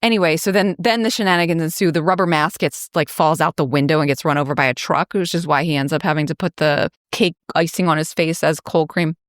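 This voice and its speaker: A woman with a notably low voice hosts a podcast, retelling a story in a loose, chatty way full of fillers and wry asides. Her sound is close and dry, with no room echo. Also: fairly even intonation, fast talker, hardly any pauses. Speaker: podcast host. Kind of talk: casual plot recap.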